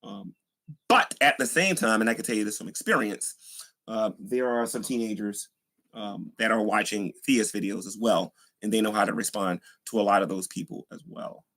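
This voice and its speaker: Brief: earnest male street preacher, bright edgy voice, rambling casual talk. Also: fairly low pitch, normal speed. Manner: rambling, earnest, many fillers. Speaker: Christian YouTuber, street evangelist.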